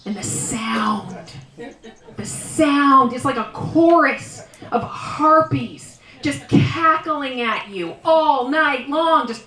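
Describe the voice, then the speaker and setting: A woman performing a live stand-up routine, telling exaggerated comic stories with loud animal imitations, then introducing the next act as emcee. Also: high-pitched, animated, slow pace. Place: small live venue on stage. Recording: roomy live venue, voice from far off.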